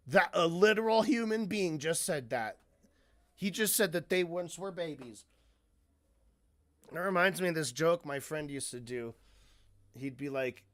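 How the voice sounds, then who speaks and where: A man's voice: high-pitched, expressive, measured pace, fairly bright tone, no room sound, studio quality. A man giving casual reaction commentary as a streamer, rambling, cutting himself off mid-sentence and swearing freely.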